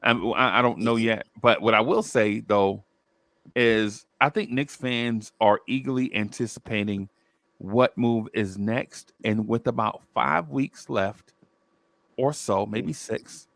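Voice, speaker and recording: Casual male sports co-host, gravelly and relaxed, dry close-mic sound. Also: fairly low pitch, slow pace, dry recording. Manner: laid-back, talks in loose restarts. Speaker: podcast co-host.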